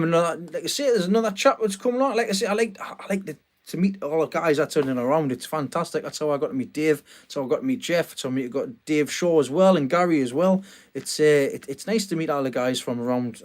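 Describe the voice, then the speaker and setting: A man's voice: a little high, darkish tone. A man chatting casually on a live stream from a small greenhouse at night, greeting viewers and laughing often. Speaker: vlogger hosting a live stream.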